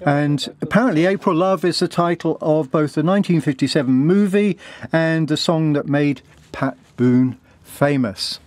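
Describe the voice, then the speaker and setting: A man presenting a music quiz on a live show, announcing the answers and winner in a relaxed, friendly way. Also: on the high side, moderate pace, dry recording. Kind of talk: casual quiz round-up.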